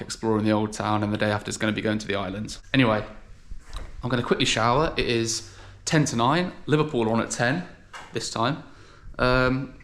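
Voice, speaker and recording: A man talking casually to camera as a travel vlogger, rambling and wondering aloud. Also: medium pitch. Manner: chatty, rambling, self-questioning. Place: outdoors, windy, traffic around.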